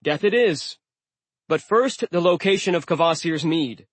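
A man's voice: a little high, animated, a little slow, breathy edge, no room sound, voice pushed up. A man doing a brash young warrior. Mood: blunt.

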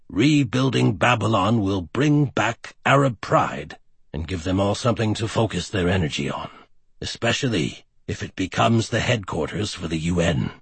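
A man voicing a calm, scheming male villain leader in an audiobook, speaking low, quiet and measured. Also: vocal fry, breathy edge, no room sound, heavily acted.

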